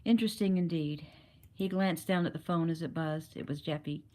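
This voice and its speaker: A woman narrating a novel aloud in a steady, plain reading voice. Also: low voice, brisk. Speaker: audiobook narrator.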